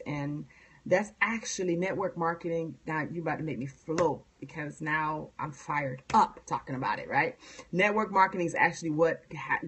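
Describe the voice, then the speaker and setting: A woman hosting a casual live-stream chat, energetic and talkative with many fillers. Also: low-pitched, slightly rough. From United States. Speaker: host.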